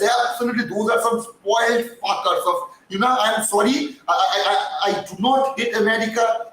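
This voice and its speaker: A man's voice: high voice, fairly bright tone. A man hosting a live-stream fan commentary, ranting heatedly, swearing and then apologizing for getting worked up. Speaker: fan channel host. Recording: echoey distant mic with faint noise.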